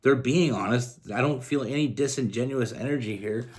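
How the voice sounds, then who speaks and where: This tarot reader is a man from Canada offering a casual love reading, earnest and rambling, often restarting his sentences. His voice is medium in pitch with a darkish tone and a moderate pace.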